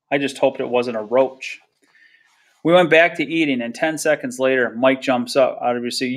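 A man reading a novel aloud chapter by chapter in a steady, plain storytelling manner. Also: medium pitch, normal speed. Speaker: reader.

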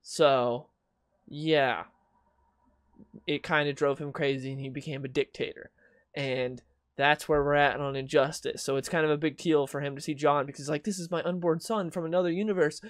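A man's voice: medium pitch, level tone, moderate pace, no room sound, studio quality. A young man hosting a comic book video, ranting casually and sarcastically with mocking quoted voices. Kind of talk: casual opinion commentary.

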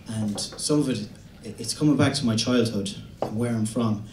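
A young man from the west of Ireland with an Irish accent, doing a stand-up set in a halting, deadpan way with many restarts. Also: lowish voice, slight background noise. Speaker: stand-up comedian. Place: comedy venue stage. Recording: roomy venue recording from a distance.

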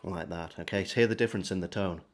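A man giving a relaxed, step-by-step beginner harmonica lesson. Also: low voice, very fast, over loud music. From England. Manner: friendly, relaxed step-by-step demonstrating. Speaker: harmonica teacher. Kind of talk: casual video lesson.

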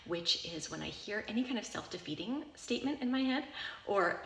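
A woman's voice: medium pitch, animated, a little fast, creaky, fairly bright tone, roomy sound. A woman speaking in a casual, reassuring advice talk, often checking in with the listener by asking "right?" or "okay?". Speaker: self-help author answering a listener question.

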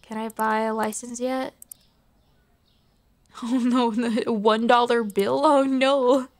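A woman's voice: on the high side, steady tone, slow pace. A young woman streaming a game, chatting playfully and crudely as she greets and teases the customers. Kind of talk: live game-stream commentary.

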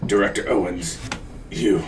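A man reading a game note aloud as a dying, coughing facility worker, pleading and halting. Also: low voice, steady tone, far from the mic, voice pushed down. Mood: desperate.

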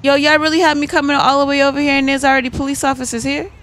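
A woman's voice: high-pitched, flat delivery, rapid-fire, a bit bright. A young woman giving casual, chatty commentary as she plays a video game, exclaiming and talking straight to her viewers. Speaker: gaming YouTuber.

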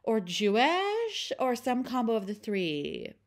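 A woman voicing a ditzy valley girl in a drawn-out lilt to mock a pompous man's words. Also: fairly high pitch, wildly swooping pitch, voice pushed up, full character voice.

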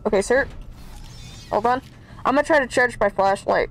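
A woman's voice: on the high side, normal speed, a little hiss or hum, low-quality recording. A woman streaming a horror game, chatting to viewers and easily scared as she plays. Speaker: gaming YouTuber. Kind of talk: let's play commentary.

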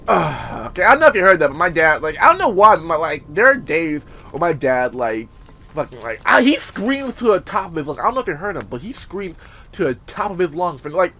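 A young man casually commentating a horror game, rambling with many fillers, swearing, and sometimes yelling. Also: fairly high pitch, sing-song, a little fast, vocal fry. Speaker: gameplay commentator. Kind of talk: casual let's-play commentary.

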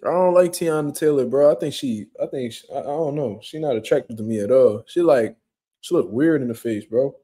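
Laid-back profane man with a mellow voice. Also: medium pitch, a little fast, slightly rough. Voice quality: profane, laid-back slang-heavy talk. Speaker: livestream host. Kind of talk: casual livestream chat reading comments. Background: quiet room at home.

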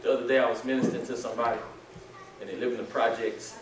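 A man preaching a sermon as pastor, moving from quiet pleading to shouted prayer. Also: mid-range voice, fairly even intonation, racing. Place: church sanctuary. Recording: echoey church hall, mic at a distance.

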